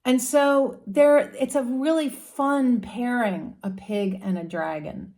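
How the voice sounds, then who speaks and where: A woman's voice: on the high side, takes it slowly, a little mellow. A woman explaining astrology casually, as a story about animal characters.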